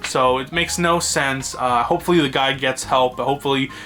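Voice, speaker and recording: Man, casual rambling vlogger on a phone mic, bright tone, faint music under. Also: mid-range voice, steady tone, brisk. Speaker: video blogger. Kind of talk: casual storytelling to camera. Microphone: phone held by himself.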